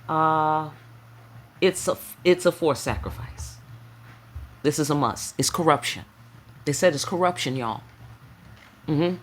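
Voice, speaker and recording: A tarot reader gives a casual spiritual reading with a slang-laced, preacherly delivery, emphatic and repetitive, checking in often with the listener. The voice is medium-pitched, with slight background noise.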